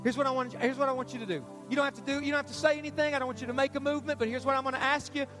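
A pastor giving an urgent, repetitive altar call in a church sermon. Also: male voice, very high-pitched, fairly even intonation, racing, music in the background. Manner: urgent, repetitive, pleading preaching. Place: church stage.

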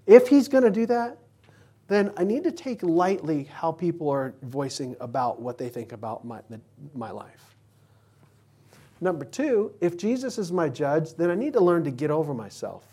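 A man's voice: fairly high pitch, dark tone, breathy edge. A man preaching a conversational sermon as pastor, teaching from scripture and playfully acting out everyday examples. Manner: casual, illustrates with playful acted-out examples.

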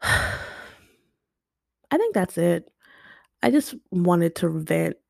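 A young woman speaks into a home podcast mic with no script, blunt and emotional, swearing as she goes. Her voice sits low with a gravelly fry. The sound is dry and close. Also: sing-song, extremely slow, dry recording. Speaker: podcast host. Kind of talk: unscripted personal monologue.

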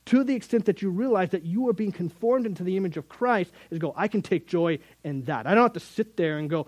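Middle-aged guy preaching, earnest and chatty, kinda high voice, dry sound. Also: expressive, fairly quick, few pauses, darkish tone, no room sound, rough recording. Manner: earnest, conversational preaching with sudden emphatic rises. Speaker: youth Bible teacher. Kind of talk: sermon.

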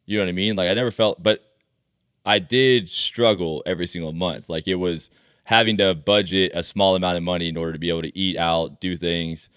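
A man's voice: low-pitched, steady tone, a little fast, fairly bright tone, clean tone, dry recording, studio quality. A man co-hosting a sports podcast, talking in an enthusiastic, chatty and self-deprecating way. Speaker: podcast co-host. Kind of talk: casual sports chat.

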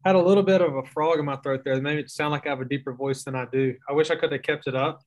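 A man's voice: fairly high pitch, fairly even intonation, very fast. A young man with a Southern US accent, a guest writer telling long stories in casual, self-mocking podcast chat. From Mississippi. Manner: drawling storyteller, self-mocking.

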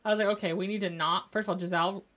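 A woman's voice: mid-range voice, fairly even intonation, very fast, a bit bright. Woman, solo podcast host, casual chat, opinionated, swears a lot. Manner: chatty, opinionated, swears freely.

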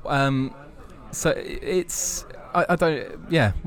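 Dry teasing podcast co-host. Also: male voice, on the high side, slow pace. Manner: dry, teasing, laughs often. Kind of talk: casual chat. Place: pub.

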